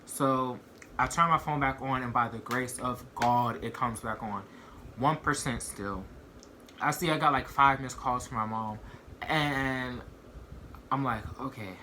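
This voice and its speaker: A young man recounts a story to his camera in a loose, rambling way, leaning on "like" and "you know what I mean." His voice is bright and forward, with a faint hiss of noise behind it. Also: mid-range voice, measured pace. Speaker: vlogger. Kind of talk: casual storytime.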